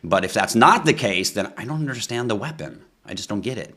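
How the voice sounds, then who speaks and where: Man, low voice, blunt ranting livestream host reading chat. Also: expressive, brisk, pushed and bright. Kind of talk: live crypto stream chat.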